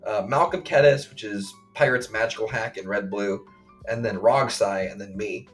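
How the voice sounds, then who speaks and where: A man co-hosting a podcast, recounting a game play by play in casual chat, full of fillers and quick acted quotes. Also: lowish voice, soft background music. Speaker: podcast co-host.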